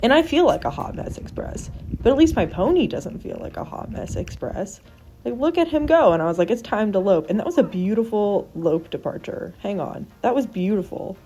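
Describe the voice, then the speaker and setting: A woman's voice: mid-range voice, animated, normal speed, warm tone, breathy edge. Woman vlogging about her ride, chatty n self-mocking, music playing behind. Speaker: horse rider vlogger. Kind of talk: casual vlog narration.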